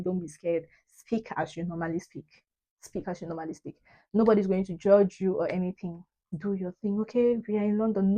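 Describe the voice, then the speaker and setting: A young woman from Cameroon vlogging in a casual, animated way, repeating phrases for emphasis and tossing in playful asides. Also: mid-range voice, rough recording.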